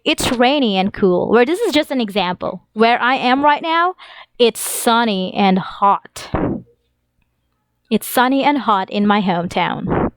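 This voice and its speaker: A woman teaching an English lesson to young children, reading examples slowly in an exaggerated sing-song way. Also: on the high side, expressive, no room sound.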